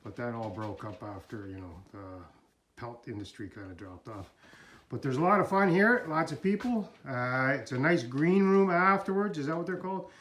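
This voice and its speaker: A man's voice: mid-range voice, expressive, normal speed, a bit bright, slight background noise. Folksy man giving a tour. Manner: folksy, rambling, with fillers. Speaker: tour guide. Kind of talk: casual walking tour.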